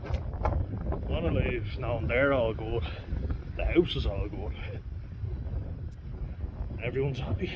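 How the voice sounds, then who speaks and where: A man chatting to camera while out on a walk, casual, self-mocking and quick to swear and laugh. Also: mid-range voice. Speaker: vlogger. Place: outdoors on a country walk. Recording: dull lo-fi sound with wind noise outdoors.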